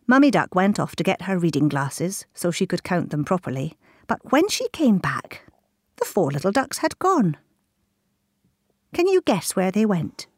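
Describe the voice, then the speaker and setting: Lady reading a kids story, low voice but super lively, whispery bits, dry close mic. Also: unhurried, dry recording. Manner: animated, dropping to whispers.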